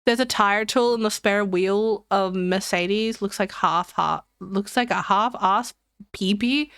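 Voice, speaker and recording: A woman's voice: medium pitch, takes it slowly, fairly bright tone, smooth, dry recording, clean studio sound. A young woman streamer chatting casually with her chat, rambling and giggling between jokes.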